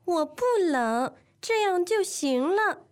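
Give me a woman playing a grudging child in a lesson dialogue, high and unhurried. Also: lively intonation, exaggerated voice. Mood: reluctant. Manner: short, grudging replies. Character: reluctant child bundled up by a parent. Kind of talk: scripted language-lesson dialogue.

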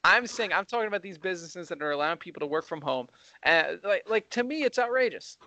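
A young man co-hosting a heated casual debate, talking fast and getting excited as he argues. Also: high voice, dry recording. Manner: fast, excitable, rising when worked up. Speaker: co-host.

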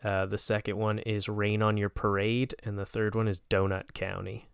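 A man's voice: fairly low pitch, level tone, moderate pace, gravelly, clear, resonant tone, no echo, clean studio sound. A man co-hosting a casual podcast, talking hesitantly with many ums and restarts. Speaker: podcast co-host.

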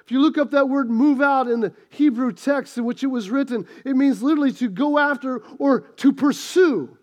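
High-voiced preacher telling stories. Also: male voice, moderate pace. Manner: animated storytelling, swings from loud outbursts to low asides. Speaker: pastor. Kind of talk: sermon.

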